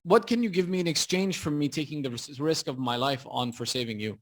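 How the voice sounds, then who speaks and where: A man's voice: fairly high pitch, brisk, lightly acted. A man voicing a reluctant male traveler who bargains over his water. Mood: bargaining.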